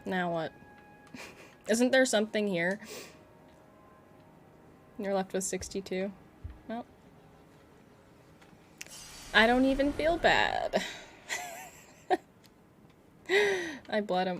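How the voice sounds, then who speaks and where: A woman game streamer in casual live-stream chat, excitable and often giggling. She talks slowly and drawn out, with a faint hum of noise behind her. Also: medium pitch.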